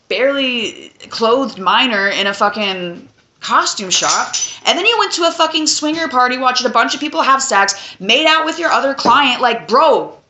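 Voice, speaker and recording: A woman's voice: on the high side, bright, forceful tone. A young woman reviewing a film in a casual video, blunt, profane and sarcastic. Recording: roomy echo.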